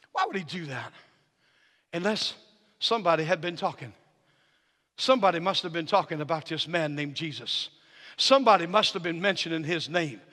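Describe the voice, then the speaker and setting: A male preacher with a high, very bright voice whose pitch leaps around as he preaches. He drops to a low, intimate tone for stories, then rises into shouts, with folksy phrasing. The sound carries a long church-hall reverb. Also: animated, normal speed, pauses often. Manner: swings from low intimate storytelling to shouted climaxes; folksy Southern-style phrasing with "ain't" and "y'all". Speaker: guest preacher. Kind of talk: sermon. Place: church sanctuary.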